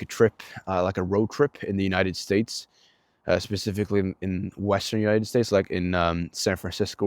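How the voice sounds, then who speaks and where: A man's voice: low voice, clear, resonant tone, no echo. A young man with a Swedish accent talks through his day in a casual vlog, rambling with many fillers and restarts, and swears often. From Sweden. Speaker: vlogger.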